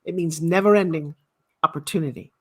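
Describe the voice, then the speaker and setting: This guest author, a woman in her sixties, uses a low, slightly rough voice with a darkish tone, speaking a little fast. She tells motivational stories, phrasing things emphatically and repetitively.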